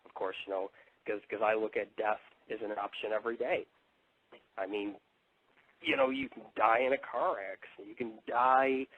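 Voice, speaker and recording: A man's voice: lowish voice, breathy edge. Swearing man ranting on tinny radio. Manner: rambling, swearing, combative. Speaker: internet radio host. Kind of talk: profane live radio monologue. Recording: tinny phone-like dry audio.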